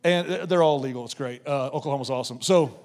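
A middle-aged man preaching a sermon as a pastor, telling stories and swinging from loud punchy lines to low quiet ones. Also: fast talker. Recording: long hall reverb.

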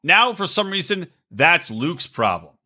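A man's voice: on the high side, sing-song, unhurried, sharp tone, breathy edge. A man co-hosting a podcast, ranting profanely about a reality show in casual chat and laughing often. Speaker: podcast co-host.

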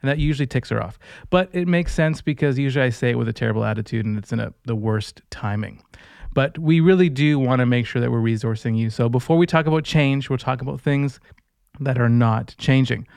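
A man's voice: medium pitch, a little fast, vocal fry, a little mellow, dry recording. A man hosting a faith podcast in an upbeat, joking, chatty manner. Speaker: podcast host. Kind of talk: casual podcast chat.

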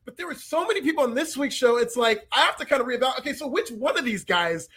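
A man's voice: extremely high pitch, slightly rough. A man co-hosting a podcast, chatting casually and animatedly about wrestling, with frequent restarts. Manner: animated, talks fast with restarts. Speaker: podcast co-host.

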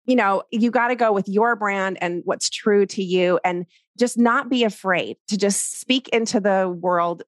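A middle-aged woman hosts a casual podcast chat with a quick, snarky wit. She talks at a middle pitch, often playing both sides of a past conversation. The sound is dry and close, with no room around her. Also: dry recording. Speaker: podcast host.

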